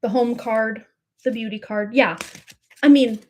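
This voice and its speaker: Woman, tarot reader hosting a live stream; slightly high voice, effusive, chatty, spiritual. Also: steady tone, a little slow, darkish tone, slight background noise. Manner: effusive, breathless, spiritual, many likes and fillers. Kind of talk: live tarot reading, casual and gushing.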